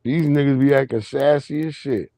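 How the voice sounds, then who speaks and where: A man's voice: mid-range voice, steady tone, moderate pace, vocal fry, dark tone, dry recording. A man hosting a livestream, swearing freely and laughing as he tells stories and greets his chat. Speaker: livestream host.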